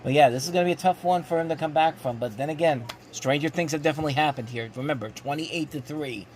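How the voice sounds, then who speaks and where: A man hosting a live rewatch, giving excitable play-by-play commentary with frequent restarts. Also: on the high side, quick pace, a little hiss or hum. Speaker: host live-reacting to a football game. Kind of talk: casual live sports commentary.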